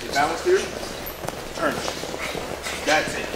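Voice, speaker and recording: A man's voice: a little high, big pitch swings, slow pace, vocal fry. A man coaching boxing technique, giving short encouraging cues as students drill. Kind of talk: mat-side technique instruction. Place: training gym. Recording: echoey gym, background noise.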